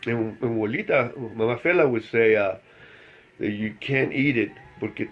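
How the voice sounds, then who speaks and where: Middle-aged El man, Spanish; casual rambling storyteller who chuckles often; average pitch; muffled lo-fi recording. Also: normal speed, faint music behind. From El Paso, Texas. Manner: rambling, chuckles through the telling. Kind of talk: casual anecdote telling. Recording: slightly dull lo-fi recording.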